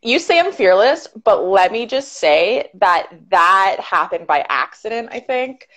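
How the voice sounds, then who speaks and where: A woman's voice: mid-range voice, big pitch swings, fairly bright tone. A woman from Ottawa, a YouTuber guest, chatting casually with lots of "like" and fillers over a video call. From Canada, Ottawa. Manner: chatty, fast, filler-heavy with frequent "like". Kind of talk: casual chat. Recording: dull lo-fi sound.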